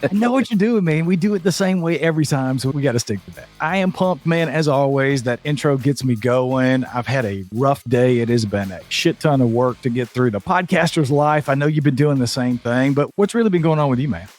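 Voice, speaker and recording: A man's voice: medium pitch, animated, a little fast, hardly any pauses, a little mellow, faint music behind. Upbeat chatty male podcast host. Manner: upbeat, chatty, greets viewers in the chat. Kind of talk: casual live podcast chat.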